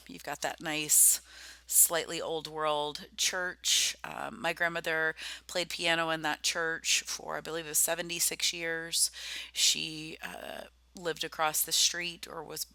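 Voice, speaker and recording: A woman's voice: low-pitched, fairly even intonation, slow, pushed and bright, clear, resonant tone, no room sound. A middle-aged woman giving a rambling personal slideshow presentation, full of ums and self-corrections.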